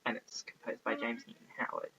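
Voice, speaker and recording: A man's voice: fairly quick, dull audio. A man giving a casual, rambling film review, often losing his train of thought and filling gaps with ums. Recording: faint background noise, poor audio.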